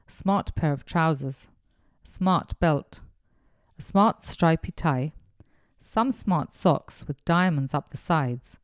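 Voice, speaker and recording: Slow, gentle woman reading a picture book. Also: on the low side, no echo, clean studio sound. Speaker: narrator.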